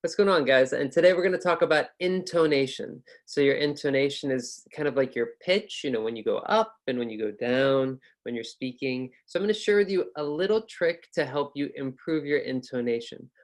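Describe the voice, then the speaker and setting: An American man in his thirties leads a relaxed online lesson in an upbeat, chatty way. His voice sits at an ordinary middle pitch, and he talks loosely, with fillers and restarts. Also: a little fast, hardly any pauses. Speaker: ESL and test-prep teacher. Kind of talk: casual online lecture.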